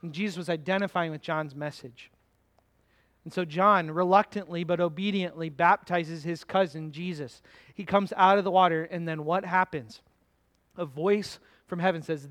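A man preaching a sermon in a conversational way, asking his listeners questions and slowing down to stress words from scripture. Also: a little high, steady tone, a bit bright. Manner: conversational, asks the congregation questions. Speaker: pastor.

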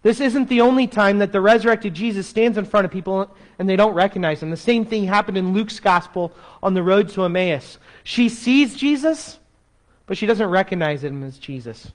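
A man preaching a sermon as pastor, expressive, dropping to a soft slow voice to make a point. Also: high voice.

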